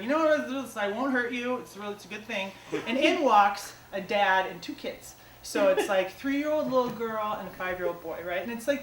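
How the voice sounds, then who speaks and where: A woman's voice: mid-range voice, distant mic. A woman performing comic stand-up storytelling on stage, chatty and self-mocking, with many casual fillers. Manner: chatty, self-mocking, lots of "like" and "you know". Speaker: comedic storyteller. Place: small theater stage before a live audience. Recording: echoey theater taped from afar with audience noise.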